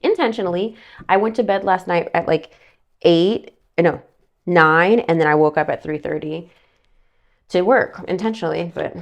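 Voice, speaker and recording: A woman's voice: lowish voice, moderate pace, vocal fry. Chatty woman rambling through a tarot forecast. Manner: chatty, rambling, self-interrupting with asides. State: slightly out of breath. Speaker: tarot reader. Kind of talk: casual monthly tarot forecast vlog.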